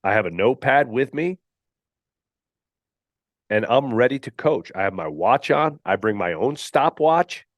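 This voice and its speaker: A man's voice: mid-range voice, animated, a little slow, long pauses, no echo. A man hosting a podcast, giving a blunt, emphatic solo coaching talk that he keeps punctuating with "all right.". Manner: mocks candidates in put-on whiny voices. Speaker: podcast host and gym owner.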